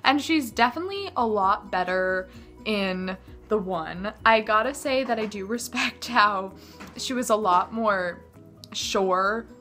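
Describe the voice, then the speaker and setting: A woman talking casually to camera as a book vlogger, animated and gushing, mocking the characters in quick asides. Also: mid-range voice, faint music behind.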